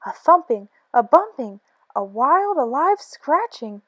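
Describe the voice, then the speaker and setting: Slow, rhythmic woman reading a storybook. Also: high-pitched, no echo. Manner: rhythmic, expressive rhyming delivery. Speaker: storybook reader. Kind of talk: children's book read-aloud.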